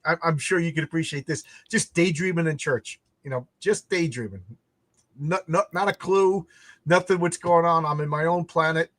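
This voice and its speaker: Animated man telling stories, dry close mic. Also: on the high side, normal speed, dry recording. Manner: animated, laughing, repeats words when starting sentences. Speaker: podcast host. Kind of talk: casual storytelling chat.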